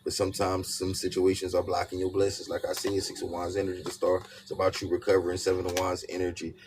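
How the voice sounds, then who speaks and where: A man's voice: sits low, fast. Emphatic man reading tarot, noisy birdsong backdrop. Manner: repetitive, emphatic, peppered with "you know what I'm saying". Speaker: tarot reader. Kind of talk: casual spoken tarot reading. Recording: steady background noise with birdsong.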